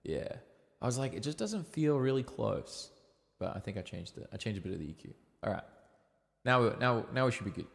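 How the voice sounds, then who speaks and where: A young Australian man chatting casually on a livestream, giving relaxed, rambling singing tips with plenty of ums. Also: on the low side, fast talker, creaky. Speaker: livestreaming singer and guitarist. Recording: reverby room with guitar behind. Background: guitar playing.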